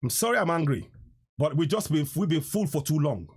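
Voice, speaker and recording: A man's voice: on the high side, lively intonation, brisk, breathy edge. Guy on a livestream ranting, fiery, repeats himself, huskyish voice that goes up and down a lot. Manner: fiery, emphatic, repeats lines for effect. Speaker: live-stream host. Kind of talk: impassioned political live-stream rant.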